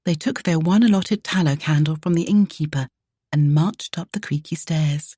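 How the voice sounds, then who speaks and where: A woman reading a romance novel aloud, soft and measured. Her voice is low, mellow and husky, and the recording is close and dry. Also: dry recording. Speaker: audiobook narrator. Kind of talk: scripted romance narration.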